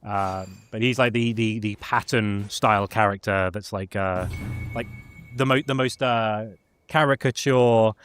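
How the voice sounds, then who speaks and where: A man's voice: fairly low pitch, steady tone, unhurried, fairly bright tone, a little hiss or hum. A man casually recapping a video game's story in a chatty way, with many fillers. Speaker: gaming lore presenter. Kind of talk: casual lore recap chat.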